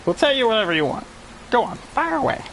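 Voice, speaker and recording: A squeaky, taunting rat thug from a video game. The voice leaps all over the place with a gritty rasp underneath and drawn-out squeaks. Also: male voice, very animated, a bit bright, slight background noise, heavily acted, rough recording. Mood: cowed. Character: cheeky squeaky male rat gang leader.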